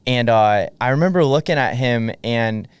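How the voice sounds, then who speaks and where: A man's voice: medium pitch, normal speed, smooth, dry recording. A male podcast host telling a personal story in a conversational interview, with fervent energy.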